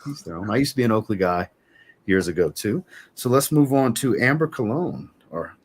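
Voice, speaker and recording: Relaxed husky-voiced man hosting a stream. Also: mid-range voice, moderate pace. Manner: easygoing, reads out chat comments. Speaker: livestream host and fragrance reviewer. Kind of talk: casual livestream chat.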